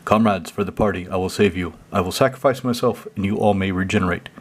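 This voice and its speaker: A man's voice: sits low, fast talker, husky. A man doing a noble elephant comrade. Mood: heroic. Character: noble self-sacrificing elephant comrade cleric.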